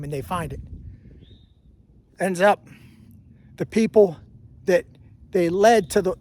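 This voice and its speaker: A man hiking outdoors on a mountain trail, talking casually about history to a handheld camera, rambling and often correcting himself. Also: high-pitched. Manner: rambling, self-correcting storyteller. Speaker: hiking vlogger. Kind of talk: casual walking history talk.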